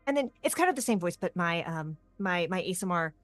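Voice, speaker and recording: A woman in casual chat about tabletop role-playing, talking fast and chatty. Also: fairly low pitch, lively intonation, no room sound.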